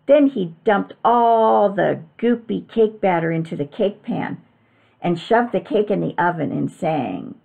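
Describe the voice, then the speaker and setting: Slow, expressive woman reading a story aloud. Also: medium pitch, creaky, phone-quality sound. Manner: expressive, with sound effects.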